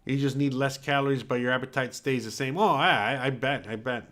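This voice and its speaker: A man's voice: mid-range voice, fairly quick. A man in his forties hosting his own show, talking bluntly and casually with lots of swearing and filler tags. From United States. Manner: blunt, profane, animated with filler tags like "all right?". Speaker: podcast host. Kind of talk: casual livestream talk reading chat comments.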